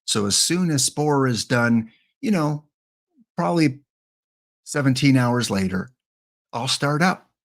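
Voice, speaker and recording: A man's voice: mid-range voice, lively intonation, unhurried, long pauses. A Canadian man in his fifties, a game streamer chatting casually and jokily with his viewers. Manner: rambling, jokey, talks to chat. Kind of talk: casual live-stream chat.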